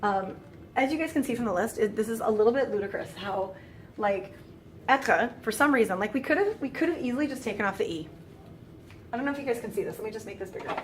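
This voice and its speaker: A chatty woman walks through a grammar lesson with a slightly high voice and easy, filler-heavy speech. She drops in playful, exasperated asides. A faint hiss sits under the recording. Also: expressive, fast. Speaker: French teacher. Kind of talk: casual screen-recorded lesson.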